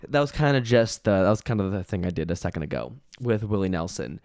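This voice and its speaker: A young man doing a rambling comic monologue, deadpan and self-pitying, sometimes cracking up at himself. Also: on the low side, fairly quick, hardly any pauses, no room sound, clean studio sound. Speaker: comedian.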